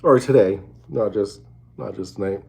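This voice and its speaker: A man's voice: on the low side, moderate pace, vocal fry, dark tone. A man hosting a casual late-night livestream from a hotel room, rambling and swearing with many restarts. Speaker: show host.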